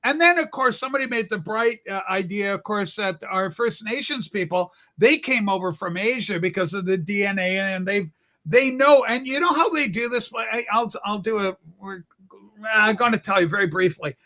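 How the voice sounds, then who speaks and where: Rambling bright high-voiced Canadian man. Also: moderate pace. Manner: rambling storyteller, acts out quoted people, swears. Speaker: political talk show co-host. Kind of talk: casual political livestream chat. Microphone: livestream call mic.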